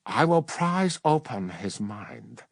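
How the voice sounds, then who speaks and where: A man putting on a cold, menacing warrior-sorcerer who speaks slowly with a strange accent. His delivery is low and unhurried in a dry, close sound. The pitch swings widely between lines. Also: very animated, no echo, exaggerated voice. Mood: cold menace.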